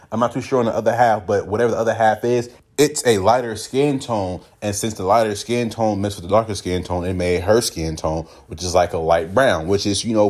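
A man with a medium-pitched, slightly mellow voice and a Californian English accent hosts a casual solo commentary podcast. He's from the United States and acts out other people's reactions in quoted voices.

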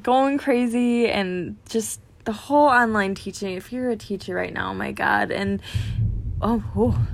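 A woman co-hosting a laid-back podcast, talking the way a teacher chats with a friend. Her pitch sits in an ordinary middle range. She rambles happily, apologizes for herself and slips into voices mid-story. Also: no echo. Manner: rambling, self-deprecating, jumps between tangents; animated storytelling with voiced asides. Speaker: podcast co-host. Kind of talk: casual podcast chat.

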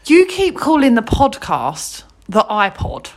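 A woman co-hosting a podcast, chatting casually, playful and mock-indignant with quick comebacks. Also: on the high side, very animated. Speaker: podcast co-host. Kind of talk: casual chat.

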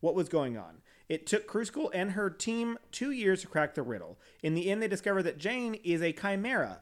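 A man on a podcast reading an article aloud with casual asides, often stumbling over words and laughing at himself. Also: fairly high pitch. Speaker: podcast host.

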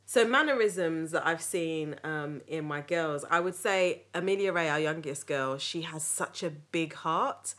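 A woman hosting a podcast, telling family stories in a lively, laughing way. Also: deep voice, a little slow, hardly any pauses. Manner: lively, laughing, animated retelling. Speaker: podcast host. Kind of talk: casual storytelling chat.

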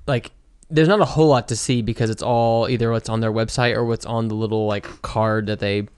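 A man's voice: on the low side, fairly even intonation, brisk, a little mellow, clean tone. A man co-hosting a casual podcast chat, hesitant and full of fillers. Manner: hesitant, many fillers, reads tasting notes.

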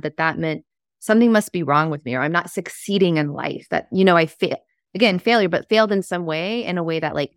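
A woman's voice: lowish voice, clear, resonant tone, no room sound, studio quality. A woman hosting a podcast, reflective and earnest, sharing personal stories in casual conversation. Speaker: podcast host.

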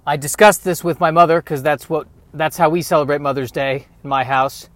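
A man's voice: a little high, fairly even intonation, brisk, a bit bright, no room sound. Rambling self-deprecating man in his thirties. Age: 30s. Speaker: podcast host. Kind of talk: comedic monologue.

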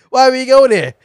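A high-voiced man co-hosting a sports podcast, needling his partner, laughing often and tripping over his words. The sound is close and dry, with no room around it. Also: no room sound. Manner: teasing, laughing, stammering. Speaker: podcast co-host. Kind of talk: casual sports debate.

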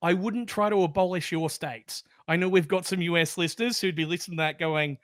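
A man's voice: high-pitched, steady tone, a little fast, fairly bright tone, dry recording, studio quality. A man with an Australian accent co-hosting a casual opinion podcast, blunt and playful in his asides. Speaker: podcast co-host.

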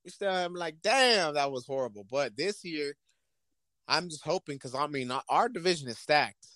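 Here a podcast co-host speaks at normal speed, his voice on the high side and the recording dry. Talking football in loose, profane banter, he animatedly voices invented conversations as different characters.

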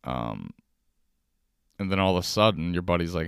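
A man's voice: low-pitched, wildly swooping pitch, moderate pace, gravelly, long pauses, clean tone, dry recording, clean studio sound. A young man hosting his own podcast, rambling through a profane comedic monologue and acting out quoted voices from his kitchen table. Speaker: podcast host.

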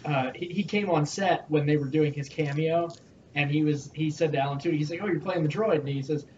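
A man in a casual podcast chat, telling animated stories and swearing freely. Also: fairly high pitch, a little fast. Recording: distant mic, dull sound, faint hiss.

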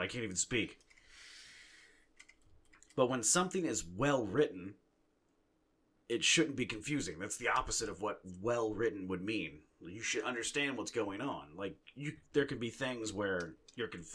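A man's voice: fairly low pitch, sharp tone, husky. A young man co-hosting a podcast, ranting in casual chat and swearing constantly. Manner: profane, ranting. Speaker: podcast co-host.

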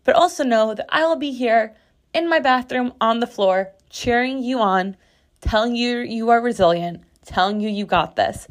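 Woman podcast host, solo casual chat from her bathroom, frank, expressive, loose with swearing. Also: fairly high pitch, moderate pace. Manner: candid, expressive, swears freely. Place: bathroom floor.

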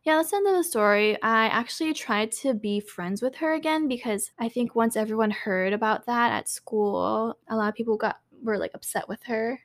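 A woman's voice: fairly high pitch, animated, moderate pace, few pauses. A woman co-hosting a podcast, telling a story in a casual, chatty way, full of "like" and "um" and free with swear words. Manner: chatty, filler-heavy, swears freely. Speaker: podcast co-host.

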